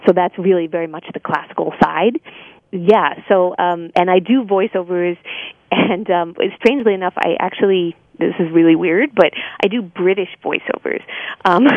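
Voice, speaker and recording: A woman's voice: fairly low pitch, normal speed, dry recording, phone-quality sound. An American woman being interviewed, a singer and voice-over artist, talking casually with lots of fillers and laughing often.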